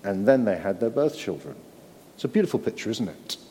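A man's voice: lowish voice, very animated, brisk, mellow, a little hiss or hum. A man preaching a sermon in an earnest way, often repeating words and asking his listeners tag questions. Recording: long hall reverb.

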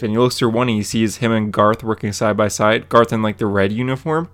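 A man with a fairly low voice recaps a comic book issue in a loose, casual chat. He rambles along with plenty of ums and likes, acting out the characters' lines as he goes. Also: fast, few pauses, a bit bright. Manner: rambling, lots of fillers and quoted dialogue. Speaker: podcast co-host.

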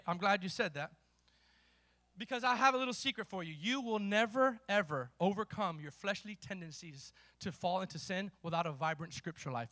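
High, bright-voiced fiery preacher man. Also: no room sound. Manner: fiery preaching, shouting bursts, slow emphatic readings; playful, jokes with the congregation. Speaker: pastor. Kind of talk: sermon.

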